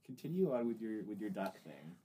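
Man, casual chat, husky tone, lively swings in pitch, stop-start delivery. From United States. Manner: halting, laughs often, many restarts.

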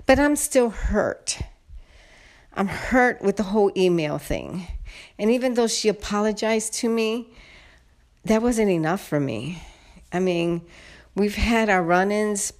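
A woman telling viewers a personal story in a casual, indignant, venting way, addressing them directly. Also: medium pitch. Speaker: vlogger.

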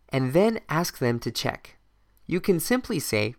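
A man leading a podcast English lesson at an unhurried, deliberate pace, spelling out each phrase so learners can repeat it. The sound is dry and close, with no room around it. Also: on the high side, sing-song, dry recording. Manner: slow, clear modeling of phrases for learners to repeat. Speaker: English teacher.

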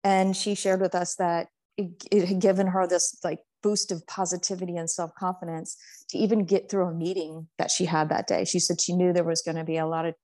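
A woman who founded a portrait art business, telling her story in a casual, earnest, heartfelt way and slowing down to stress words. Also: on the low side, level tone, a little mellow.

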